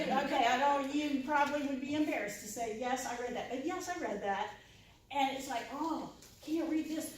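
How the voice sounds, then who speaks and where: A woman leads an informal lunchtime discussion, chatty and full of "right?". She acts out the reactions of other people as she goes. Her slightly high voice is picked up from a distance in a very echoey room, with a faint hiss underneath. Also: darkish tone. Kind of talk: informal talk to a live audience. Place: university room with audience.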